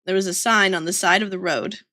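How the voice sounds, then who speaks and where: Drawing on stream, a young Georgia woman with a light Southern accent chats and giggles through rambling family stories. Her medium-pitched voice is sharp, fairly even in intonation, and a little fast.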